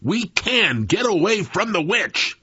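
A man voicing a frightened boy who tries to sound brave, with a high, urgent, breathless voice in a told story. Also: very animated, slow pace, pushed and bright, breathy edge, no echo, highs cut off, exaggerated voice. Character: scared boy trying to act brave.

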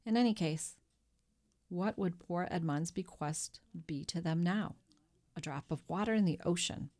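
A greedy, anxious innkeeper who wavers as he talks, put on by a woman reading a storybook. His voice sits low, and he grasps at every chance of gain. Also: unhurried, a little mellow. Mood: wary. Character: greedy anxious male innkeeper, middle-aged.

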